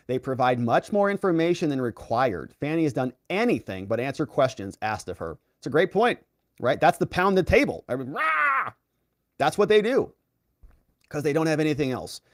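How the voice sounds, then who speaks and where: A man with a fairly high, lively voice hosts a live stream, reading out viewer comments and reacting with quick opinions. His pitch swings widely as he talks. The sound is dry and close, with no room around it. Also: dry recording. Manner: animated, reads viewer comments aloud and reacts. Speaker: host reading live chat.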